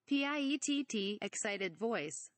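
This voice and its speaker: A woman's voice: fairly high pitch, expressive, unhurried, no echo. A woman reading a parody script aloud, stage directions and all, saying "asterisk" for the bleeped words. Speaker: reader.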